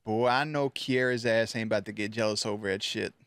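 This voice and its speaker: A man's voice: on the low side, steady tone, fairly quick, a bit bright, clear, resonant tone, dry recording, soft background music. A man hosting a reaction video, talking back to the screen in blunt, profane casual commentary.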